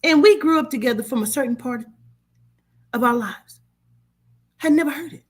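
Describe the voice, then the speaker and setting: A woman's voice: on the high side, moderate pace, slightly rough. A woman who gives spiritual readings tells a personal story casually and bluntly, swearing often. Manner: blunt, swearing, acts out quoted voices. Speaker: spiritual reader.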